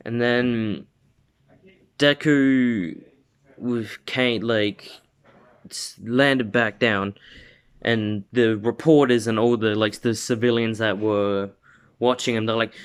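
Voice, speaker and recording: A man's voice: medium pitch, fairly even intonation, unhurried, clean tone. A man casually retelling a fan-made story, rambling with lots of "like" and restarts. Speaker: video host.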